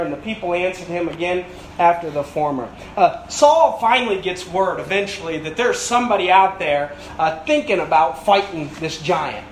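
A man's voice: high-pitched, reverberant, slight background noise, rough recording. A male pastor preaching a sermon with emphatic, building repetition and rhetorical questions.

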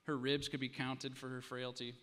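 A pastor in a church, telling a story with drama and then preaching earnestly. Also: male voice, medium pitch, level tone, normal speed, a bit bright. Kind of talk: sermon. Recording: long hall reverb.

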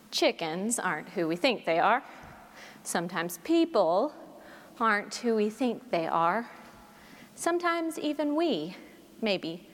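A woman preacher reading scripture and giving a sermon in a measured, expressive storytelling manner. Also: a little high. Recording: long reverb of a large hall.

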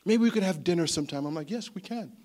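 A man preaching a sermon, telling a story in an animated, chatty way that often repeats words. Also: high voice, quick pace. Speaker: pastor.

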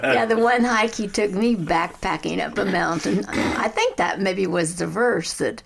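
A woman with a noticeably gravelly, fry-laden voice chats easily as a podcast co-host. She keeps to a middle pitch and answers with short affirmations and rueful stories. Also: measured pace, noisy background. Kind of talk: casual podcast chat.

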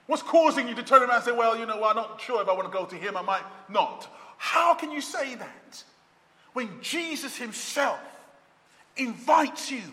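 A man preaching with a very high, bright, forceful voice. He swings from loud calls to soft, low lines. His voice carries a long reverb, as if he stands in a church hall. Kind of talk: sermon.

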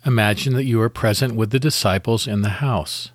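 A man with a fairly low voice leads listeners through a guided devotional meditation. He reads in a calm, measured, unhurried manner. The sound is dry and close, with no room around it. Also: no echo. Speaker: devotional podcast host.

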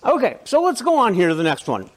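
Male biker-church pastor, casual animated sermon, high voice with big swings in pitch. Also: quick pace. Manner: animated, conversational preaching with restarts and asides.

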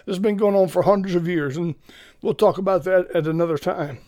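A man's voice: high voice, a little fast, darkish tone. A man hosting an informal preaching podcast, talking in an earnest, folksy and urgent way.

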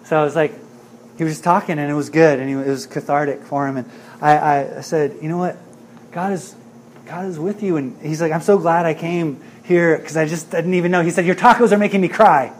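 A man's voice: a little high, fairly even intonation, fairly quick, darkish tone, slight background noise. A middle-aged man preaching a sermon as a pastor, talking in an earnest, conversational way and often asking "right?".

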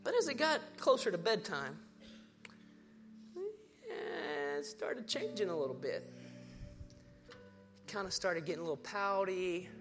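A man preaching a sermon, swinging between hushed storytelling and rousing declarations. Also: sits high, big pitch swings, a little slow, long pauses, over music. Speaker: pastor.

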